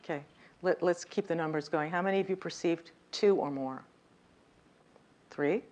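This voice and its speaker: Woman coaching a room on speaking, lowish voice, punchy emphasis, asks the crowd stuff. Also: normal speed, a little mellow. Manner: emphatic, demonstrative, direct with audience. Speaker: communication coach. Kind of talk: workshop lecture. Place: lecture room.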